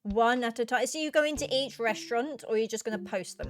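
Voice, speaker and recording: A woman's voice: a little high, brisk, over music. A woman reading a visual novel aloud and chatting through it with rambling asides. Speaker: gaming YouTuber. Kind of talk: let's play, reading the game aloud with commentary.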